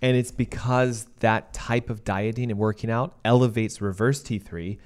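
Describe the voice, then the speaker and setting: A man co-hosting a health podcast as a doctor, explaining at length in a steady, teaching manner. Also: medium pitch, normal speed, smooth.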